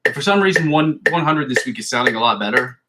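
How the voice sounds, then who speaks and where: A man's voice: mid-range voice, animated, quick pace. A man streaming his guitar practice from a hot room at home, chatting casually, cursing freely and calling out tempos and scale positions. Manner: casual, self-deprecating, swears freely. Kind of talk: casual livestream practice talk. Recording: loud noise behind the voice.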